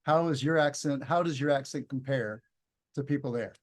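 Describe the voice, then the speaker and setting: Clear-speaking American man host. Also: medium pitch. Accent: General American. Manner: clear, deliberate, friendly prompting. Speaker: English teacher host. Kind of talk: casual interview.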